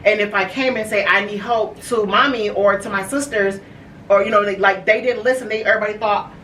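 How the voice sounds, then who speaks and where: A woman's voice: mid-range voice, steady tone, fairly quick, fairly bright tone. A woman hosting a podcast, telling a personal story in casual chat, full of fillers and acted-out quotes. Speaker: podcast host. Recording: echoey room, mic far off, faint noise.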